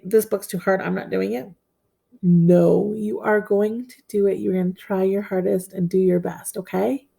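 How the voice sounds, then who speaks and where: A woman teacher giving a recorded lesson to first graders, slow and encouraging, repeating key phrases. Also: medium pitch, gravelly, warm tone. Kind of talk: recorded lesson for young children.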